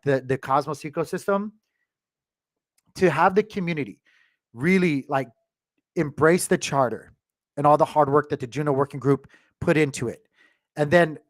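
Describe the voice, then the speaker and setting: A man's voice: a little high, dry recording, studio quality. A man hosting a crypto channel, talking casually to his viewers with many restarts and fillers, choked up with emotion.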